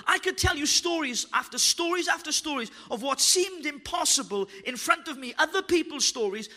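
Male pastor, sermon, high-pitched, very bright and forceful tone, fervent with jokes. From Wales. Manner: fervent, joking preacher. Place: church hall.

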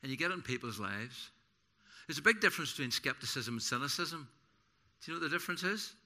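Bright-voiced, animated man preaching. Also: mid-range voice, quick pace. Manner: animated, self-deprecating storyteller, repeats words and restarts. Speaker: pastor. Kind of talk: sermon with personal anecdotes. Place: church service.

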